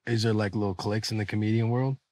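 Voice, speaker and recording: A man's voice: on the low side, steady tone, quick pace, darkish tone, dry recording. Man host firing eager joking questions. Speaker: podcast host. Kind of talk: casual podcast chat.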